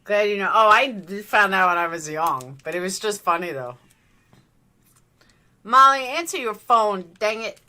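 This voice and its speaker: Reacting to a live news feed, a female livestream host offers casual commentary in a lowish, pushed, bright voice. She talks fairly quickly with hardly any pauses.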